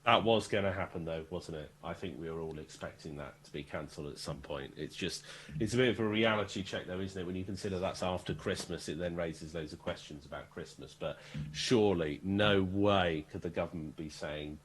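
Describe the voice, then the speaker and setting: A man with a lowish voice co-hosts a live chat. He cracks wry, playful jokes in an easy tone. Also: fairly quick, low-quality recording. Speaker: co-host. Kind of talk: casual chat on a live stream.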